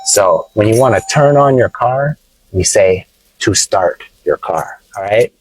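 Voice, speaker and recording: A man teaching English vocabulary from inside his car, playful and explaining slowly with examples. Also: lowish voice, expressive, slight background noise, poor audio. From United States. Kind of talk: casual teaching vlog.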